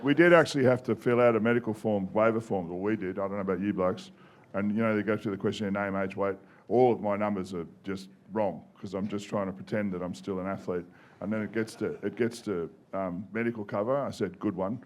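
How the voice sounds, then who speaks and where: A man's voice: on the low side, steady tone, a little fast, few pauses. Australian man telling a laughing yarn. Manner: laughing, self-mocking anecdotes, swears freely. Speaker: guest, former rugby player. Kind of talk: casual storytelling on a podcast.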